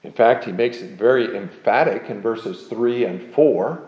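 A man giving an expository Bible lecture, explaining verses with measured, emphatic readings of scripture. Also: lowish voice, a little mellow, echoey room, dull audio. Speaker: Bible teacher.

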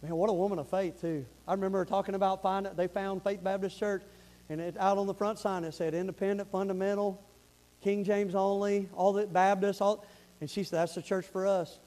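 High-voiced Southern preacher man. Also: flat delivery, brisk. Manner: emphatic, swings between loud urgent appeals and quiet earnest asides. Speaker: pastor. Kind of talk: preaching a sermon.

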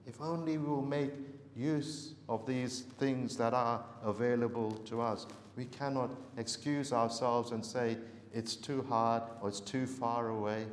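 A man preaching a sermon earnestly, repeating words for emphasis and pausing on fillers. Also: medium pitch, steady tone, a little hiss or hum. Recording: echoey hall with long reverb.

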